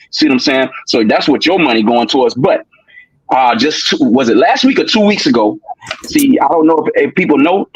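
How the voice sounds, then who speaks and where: A man's voice: a little high, slightly rough, dry recording, muffled recording. A man, a guest on a live stream, making his points emphatically with rhetorical questions. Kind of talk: casual live-stream chat.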